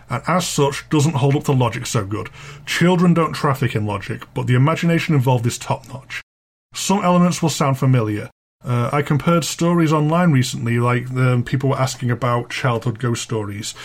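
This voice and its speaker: A man hosting a podcast, narrating a spooky childhood tale with a chatty, dryly amused manner. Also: mid-range voice. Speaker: podcast host and storyteller.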